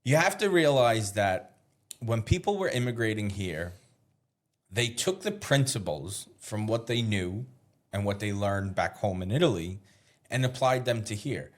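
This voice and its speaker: A man with a fairly low voice talks in a relaxed interview. He is a chef and explains his points patiently. He thinks aloud and restarts his phrases now and then. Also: unhurried. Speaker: chef guest. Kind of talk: casual interview chat.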